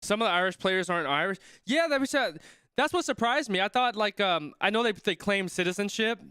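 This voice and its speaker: Young man, casual live commentary, bright voice, dry close sound. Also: high-pitched, lively intonation, fairly quick, clean tone, no room sound. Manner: thinks aloud, reads chat, trails off mid-sentence. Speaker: streamer reacting to a rugby match.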